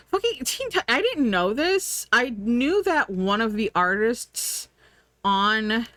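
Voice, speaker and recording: A woman streamer chatting casually, full of fillers and "like", acting out her own thoughts in lively quoted asides. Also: on the high side, unhurried, no echo. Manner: frequent fillers and "like". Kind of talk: casual rambling chat.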